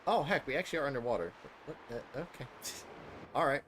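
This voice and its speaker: Chatty guy streaming a game, lively voice, game music playing loud behind. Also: medium pitch, brisk. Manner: playful, chatty, reacts to chat. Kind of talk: casual game stream commentary.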